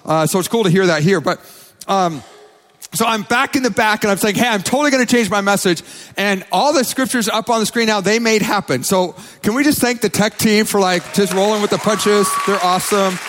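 A man's voice: sits high, normal speed, a bit bright, some chatter behind. A man preaching a sermon as pastor, emphatic and repeating his phrases. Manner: emphatic, repeats phrases, quotes people in acted voices. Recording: long reverb of a church hall.

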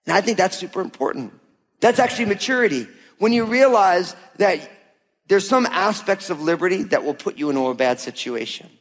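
A man with a notably high voice preaches to his congregation, casual and emphatic, slipping into quoted voices to make his points. His words ring out with a long reverb, as in a large church hall. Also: animated, a little fast. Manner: conversational, emphatic, uses quoted voices for God and listeners. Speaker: pastor. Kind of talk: sermon.

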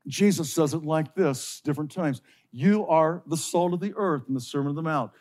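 A pastor preaching a sermon to his congregation, slowing down and stressing key phrases with passion. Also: on the high side, a little mellow.

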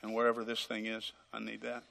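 A man's voice: fairly low pitch, monotone, fast, vocal fry, sharp tone. A man preaching a dramatic sermon as pastor, acting out conversations with God, recorded live in a church. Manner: dramatic, acts out dialogues with God. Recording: live hall reverb.

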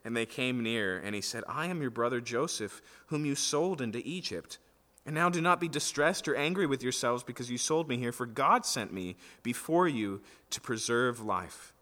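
A man's voice: medium pitch, pushed and bright. A man preaching an expository sermon in a conversational way, often checking in with his listeners. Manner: conversational, checks in with "okay?" and "right?". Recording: long hall reverb.

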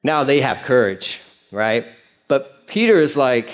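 A male pastor preaching a sermon in an animated, conversational way, with frequent fillers. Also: medium pitch, measured pace.

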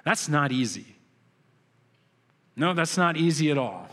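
A young adult man preaching a sermon, telling stories and acting out quoted voices with big jumps in pitch. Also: animated, measured pace, fairly bright tone. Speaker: pastor. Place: church sanctuary.

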